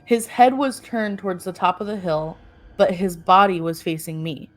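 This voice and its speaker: A woman's voice: on the low side, normal speed. A woman co-hosting a podcast, reading a first-person story aloud with laughing asides and self-corrections.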